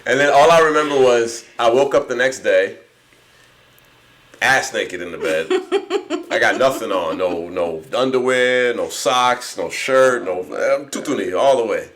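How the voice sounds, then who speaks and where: A man's voice: mid-range voice, measured pace, a bit bright. A man in his thirties from New Jersey, co-hosting a podcast and telling a story casually, laughing often and swearing freely. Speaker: podcast co-host.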